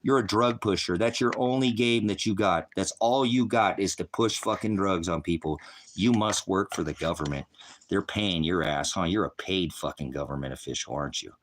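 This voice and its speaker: Profane streaming preacher, male, low voice, confrontational, quotes scripture between insults. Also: moderate pace, slight background noise. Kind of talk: profane livestream rant.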